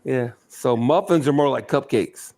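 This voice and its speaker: A man in a casual live-stream chat, joking and swearing freely and teasing the others with quick questions. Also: mid-range voice, darkish tone.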